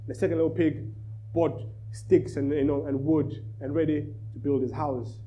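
A man preaching to a church, telling a children's story with lively energy. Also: a little high, moderate pace, highs cut off, a little hiss or hum. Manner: animated storyteller, rising in volume. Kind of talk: sermon with storytelling.

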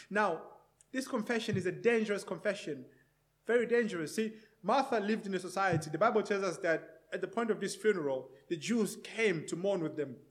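A male preacher delivering a sermon, posing repeated rhetorical questions and moving between loud, emphatic passages and hushed ones. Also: fairly high pitch.

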